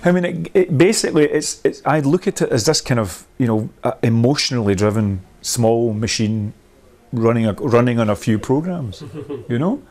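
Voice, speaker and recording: A man of middle pitch leads a workshop, talking things through as they come to him. He circles back, restarts and laughs now and then, in a chatty, discursive way. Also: normal speed, darkish tone. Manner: rambling, thinks aloud with many restarts. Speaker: workshop leader.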